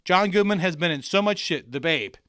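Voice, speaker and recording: A man co-hosting a casual podcast, talking crudely and excitably in loose, rambling banter. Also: high-pitched, a little fast, clear, resonant tone, no echo, clean studio sound. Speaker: podcast co-host.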